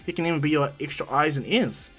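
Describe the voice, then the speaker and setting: A man's voice: fairly high pitch, fast talker, fairly bright tone, husky, faint music behind. Man rambling through a fan story. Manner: rambling, full of fillers and restarts, acting out lines. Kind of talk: casual retelling of a fan story.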